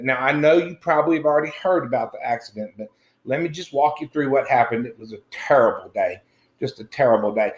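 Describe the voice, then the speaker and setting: A man's voice: on the high side, a bit bright. A man playing a middle-aged country man, telling a meandering, folksy comic story full of crude asides. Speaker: comedy character host. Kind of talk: improvised comic monologue. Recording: roomy echo.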